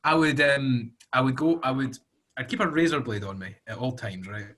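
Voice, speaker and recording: A man's voice: medium pitch, moderate pace, a bit bright. A young man co-hosting a podcast, telling playful, sweary stories in casual chat. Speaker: podcast co-host.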